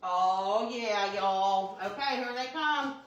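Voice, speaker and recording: A woman's voice: mid-range voice, slow, reverberant, muffled recording. A woman, chatting with viewers while baking in her home kitchen, flustered and talkative. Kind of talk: casual chatty cooking livestream.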